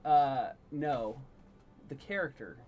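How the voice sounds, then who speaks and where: A man's voice: mid-range voice, lively intonation, slow pace, a little mellow. A man hosting a casual livestream as dungeon master, friendly and full of fillers, on a video call. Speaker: dungeon master and show host.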